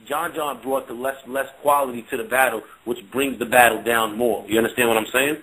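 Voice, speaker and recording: A man's voice: medium pitch, fairly even intonation, a little fast, fairly bright tone, a little hiss or hum, poor audio. A man giving blunt, insistent opinions in a casual panel chat, often asking "you understand?". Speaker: battle rap commentator.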